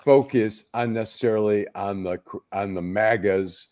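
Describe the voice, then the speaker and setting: Low-voiced man speaking matter-of-factly. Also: normal speed, a little mellow, clean tone. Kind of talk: casual panel chat.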